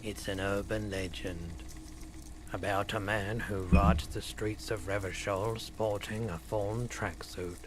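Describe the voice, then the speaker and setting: A man's voice: fairly low pitch, fairly even intonation, slow, background noise. An actor voicing a male street trinket seller in a game, with offhand sales patter.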